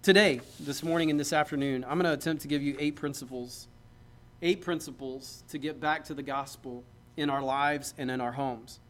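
A man's voice: mid-range voice, steady tone, moderate pace. A man, a pastor, preaching a sermon in a conversational, joking way that builds to emphatic points.

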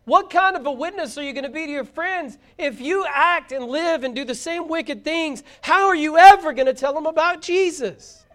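A middle-aged man preaching a sermon to young people, fervent and shouting out his exhortations. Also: very high-pitched, normal speed, hardly any pauses.

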